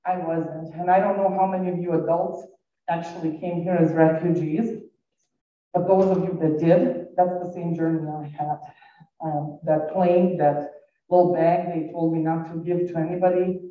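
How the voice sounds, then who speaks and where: School staffer, middle-aged man, non-native accent, chatty personal storytelling, boomy hall, far-off mic. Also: little pitch movement, moderate pace. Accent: foreign accent, non-native English. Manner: warm, personal, rambling storytelling. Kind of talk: responding at a community forum. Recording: echoey hall, distant dull mic.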